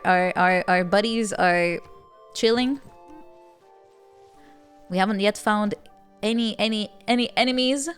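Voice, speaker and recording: A woman streaming a strategy game, chatting playfully and reacting animatedly, often repeating words as she stammers and laughing between remarks. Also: mid-range voice. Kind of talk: casual live game-stream chat.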